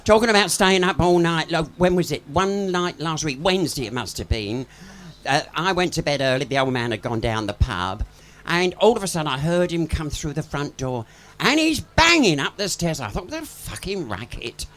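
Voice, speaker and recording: A man's voice: fairly high pitch, animated, moderate pace, fairly bright tone. A man doing live stand-up patter on a pub stage, chatty and bawdy, swearing freely and laughing at his own jokes. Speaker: pub comedian and singer.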